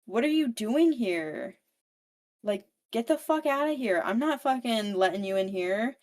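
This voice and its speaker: A woman's voice: a little high, animated, unhurried, a little mellow. Grumpy monsters from under a bridge bark rude, bossy orders, as a woman puts them on in her own voice. They sound hostile and profane.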